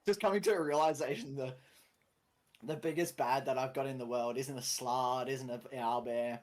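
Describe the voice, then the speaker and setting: Giggly, swearing Australian player. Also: male voice, medium pitch, fairly even intonation, darkish tone. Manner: giggly, swearing, quick asides. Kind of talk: casual tabletop role-play.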